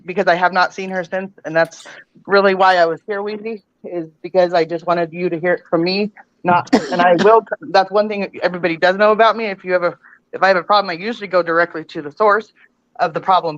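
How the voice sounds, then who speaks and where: A woman speaking as a panel guest on a casual livestream, earnest and halting with frequent restarts. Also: on the low side, steady tone, no echo, highs cut off.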